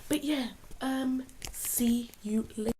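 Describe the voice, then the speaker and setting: A young woman, chatting excitedly in a casual vlog with lots of fillers and a soft, half-whispered morning voice. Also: fairly high pitch, takes it slowly, slight background noise. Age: young adult. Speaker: vlogger.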